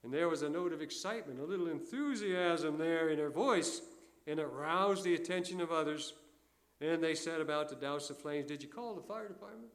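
Folksy older preacher, fairly high voice. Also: male voice, moderate pace. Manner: folksy storytelling preacher, swings between loud emphasis and quiet asides. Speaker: pastor. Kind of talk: sermon.

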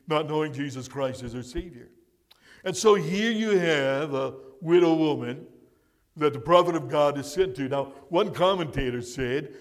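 Guy preaching a sermon, kinda high voice, hammers words home, big echoey church. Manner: emphatic, repeats key words. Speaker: pastor. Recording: long reverb of a large hall.

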